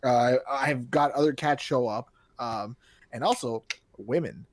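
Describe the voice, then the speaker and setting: A man co-hosting a casual podcast, telling stories in an animated way and acting out the voices of people he quotes. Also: medium pitch, a little slow, dry recording. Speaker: podcast co-host.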